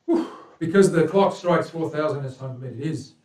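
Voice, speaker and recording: A man hosting a casual workshop stream, chatting to viewers and a helper as he works. His volume swings between loud, excited bursts and quiet mumbles to himself. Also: a little high, brisk. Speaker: guitar builder hosting a livestream. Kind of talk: casual workshop chat while working.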